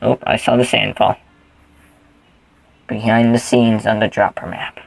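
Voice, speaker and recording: Male gamer, casual commentary, goofy rambling; low-pitched and gravelly. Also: fairly even intonation, a little slow, no echo, low-quality recording. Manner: rambling, goofy, thinks aloud while playing. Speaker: gaming channel host.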